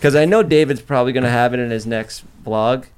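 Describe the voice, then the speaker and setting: A man's voice: mid-range voice, fast, clean tone. Brash, profane young man chatting loosely. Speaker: podcast host. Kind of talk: casual chat.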